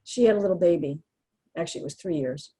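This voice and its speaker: A woman's voice: on the low side, fast talker, mellow, breathy edge, rough recording. An older woman speaking earnestly and from the heart as an interview guest, with frequent restarts. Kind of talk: emotional personal interview.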